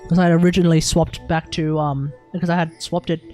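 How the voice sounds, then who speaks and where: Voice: medium pitch, flat delivery, fast talker, a little mellow, faint music behind. A young adult with an Australian accent, chatting casually on a game live stream, rambling, swearing freely and restarting sentences.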